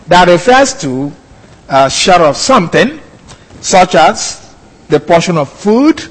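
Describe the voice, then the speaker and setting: Man preaching, high and animated voice, emphatic, slow stressed quotes, long reverb. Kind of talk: sermon.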